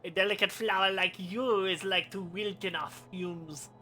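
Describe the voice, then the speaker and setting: A streamer voicing a drunken, mocking man with a put-on French accent, reading game dialogue with a slow, jeering drawl. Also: mid-range voice, fairly even intonation, pushed and bright, faint music behind, lightly acted.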